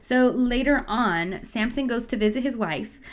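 A woman's voice: a little high, measured pace. Chatty young woman retelling a Bible story. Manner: chatty, animated, acts out voices with slang.

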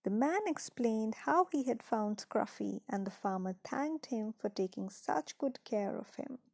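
A woman reading a children's story aloud in a gentle, unhurried way, dropping into soft whispered asides. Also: on the high side, animated, gravelly, husky, no echo.

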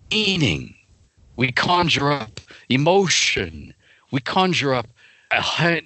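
A man being interviewed as a fantasy game writer, telling stories in an animated way and laughing often. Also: mid-range voice, dry recording. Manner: animated, laughing often, jumps into quoted voices. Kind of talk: casual interview chat with storytelling.

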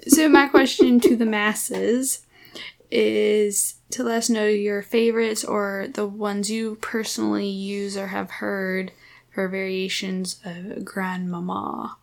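A woman's voice: medium pitch, level tone, slow pace, vocal fry, darkish tone. A woman co-hosting a casual book-discussion podcast, chatting easily and laughing often. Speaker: podcast co-host.

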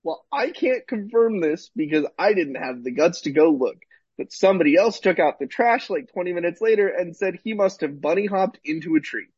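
A man co-hosting a podcast, an animated storyteller in casual chat who swears freely. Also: sits high, normal speed, husky, no room sound, dull audio. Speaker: podcast co-host.

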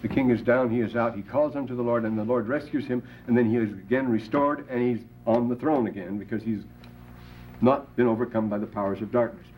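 A man's voice: medium pitch, a little fast. Older man lecturing on a dull tape. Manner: digressive, rhetorical asides, quotes scripture with rising emphasis. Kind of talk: classroom lecture. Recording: dull lo-fi classroom tape with faint hiss.

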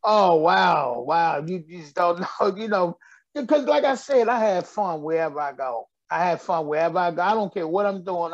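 A man's voice: fairly high pitch, gravelly, no echo, dull audio. A middle-aged man, a comedian guest telling stories with frequent laughs. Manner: laughs often, loose storytelling delivery. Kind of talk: joking radio interview chat.

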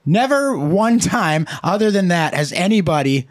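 A man's voice: high voice, very animated, moderate pace. A man hosting a podcast, rambling and joking in casual banter with heavy swearing. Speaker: podcast host.

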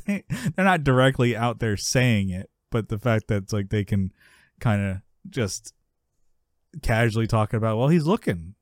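A man's voice: moderate pace, no echo, clean studio sound. A man co-hosting a podcast, chatting casually as he recaps a sitcom episode, laughing often and acting out the characters. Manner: animated, laughs often, acts out characters in a high yelling voice. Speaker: podcast co-host.

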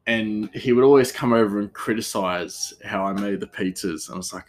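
A man, a cook, talking in a meandering, animated way and laughing often. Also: on the low side, a little fast. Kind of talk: casual rambling monologue.

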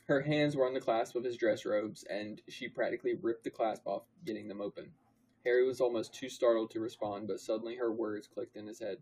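A young man co-hosting a comedy podcast, reading fan fiction aloud in a deadpan, mock-dramatic way. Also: on the low side, a little fast, slightly rough, rough recording. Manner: mock-dramatic, deadpan narration with put-on character voices.

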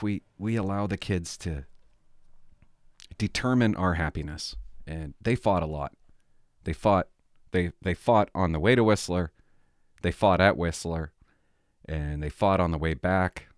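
A man's voice: sits low, dry recording, studio quality. A middle-aged man vlogging, telling rambling stories in casual chat with many restarts.

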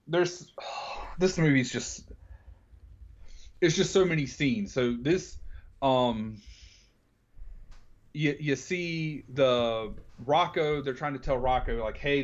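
Animated man retelling movie scenes. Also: mid-range voice, takes it slowly, pauses often, dull audio. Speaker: podcast co-host. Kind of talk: casual film discussion.

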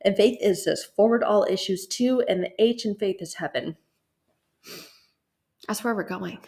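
Earnest gravelly-voiced woman podcast host. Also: medium pitch, moderate pace, a little mellow. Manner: earnest, conversational, repetitive and emphatic. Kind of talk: faith talk monologue.

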